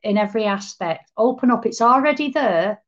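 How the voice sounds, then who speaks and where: A woman's voice: a little high, animated, brisk. Woman, medium, earnest, relaying spirit messages, slightly muffled remote audio. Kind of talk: live online psychic reading.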